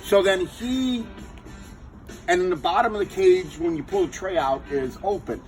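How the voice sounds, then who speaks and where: A man casually telling a rambling story to friends, animated and swearing freely. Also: high voice, normal speed, creaky, faint music behind, rough recording.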